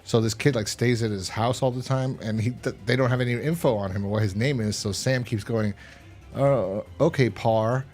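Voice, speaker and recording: A man's voice: brisk, few pauses, darkish tone. Young man, podcast host, rambling casual review, swears a lot, faint music. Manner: rambling, profane, acts out scenes in high voices.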